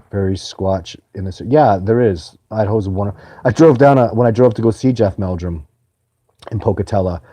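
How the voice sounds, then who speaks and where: Earnest low-voiced man chatting live. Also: warm tone, dry recording, studio quality. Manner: earnest, rambling, many restarts. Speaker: live stream host answering viewer questions. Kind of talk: casual live chat.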